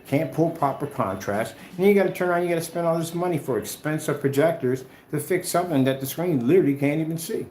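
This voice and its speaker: A man's voice: a little high, quick pace, few pauses, darkish tone, reverberant, slight background noise. A man talking off the cuff in a vlog, combative and repetitive, trash-talking his rivals before drifting into loose chat. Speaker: screen paint maker and vlogger.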